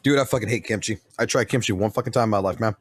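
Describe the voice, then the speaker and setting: A man's voice: fairly low pitch, rapid-fire, slightly rough. A man streaming live, talking casually and swearing constantly as he rants to his chat. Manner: profane and blunt, swears constantly.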